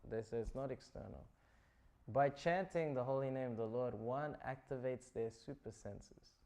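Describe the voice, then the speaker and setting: A man's voice: medium pitch, creaky, warm tone. A man giving a scripture class, retelling stories in a loose, chatty way full of "like" and "you know". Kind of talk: casual storytelling talk.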